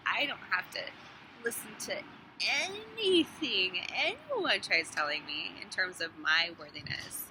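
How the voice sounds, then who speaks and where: Woman chatting fast and loose to her phone, voice jumping all over, some noise behind her. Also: lowish voice, rough recording. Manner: animated, swears, laughs between thoughts. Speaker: hairstylist vlogger. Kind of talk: casual phone monologue. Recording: noticeable background noise.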